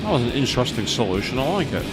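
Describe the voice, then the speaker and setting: A man co-hosts a casual gaming let's play with wry, joking remarks, his voice rising and falling a lot. Game music plays clearly behind him. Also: medium pitch, very animated, very fast.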